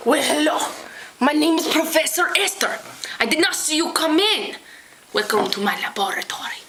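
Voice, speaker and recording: A woman's voice: high voice, moderate pace, roomy sound, noisy background. A young woman playing an eccentric female psychology professor, lecturing with theatrical, overly formal delivery in a homemade comedy sketch. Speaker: mock lecturer.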